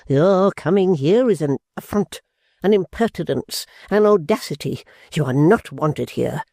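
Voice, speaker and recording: A reader voicing a proud, touchy elderly gentleman, pompous and slow, stalling on "ah" between stern phrases in a storybook reading. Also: medium pitch, lively intonation, creaky, no echo, studio quality. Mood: furious. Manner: pompous, hesitant "ah" fillers, slow stern speech.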